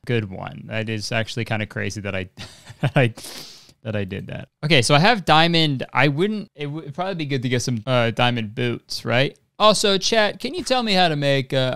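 Young male gamer, rambling profane jokes, smooth clear voice, dry close mic. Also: mid-range voice, a bit bright, no room sound. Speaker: gaming streamer. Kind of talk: casual gameplay commentary.

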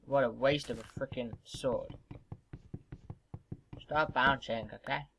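A young man giving casual, excitable gameplay commentary as a gaming video host, swearing and shouting at the game's monsters. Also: mid-range voice, slow pace, gravelly, noisy background. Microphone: desk microphone.

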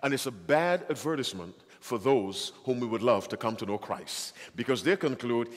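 Male preacher, sermon, animated pitch, asks the audience questions, reverberant hall. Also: moderate pace. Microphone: handheld or stand microphone.

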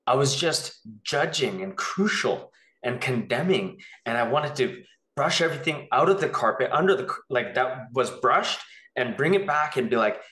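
A man tells his own story to an interviewer in a rambling, animated way, acting out the voices of the people he quotes. His voice sits at an ordinary pitch. The room around him has a noticeable echo. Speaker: interview guest. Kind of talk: personal storytelling.

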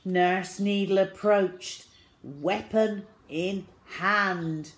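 A woman reading a children's storybook aloud, expressive and dramatic. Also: mid-range voice, very slow.

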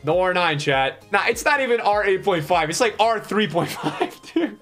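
A male streamer giving live-stream commentary to his chat, excitable and swinging between hype and letdown with plenty of fillers. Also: high voice, normal speed, faint music behind. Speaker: streamer opening game packs.

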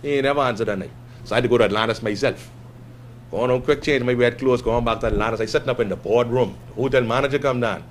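A Bahamian man, a guest entrepreneur, tells a story to a class with an animated delivery and acts out the quotes in other voices. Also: mid-range voice, fast talker, slight background noise. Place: classroom with a live audience.

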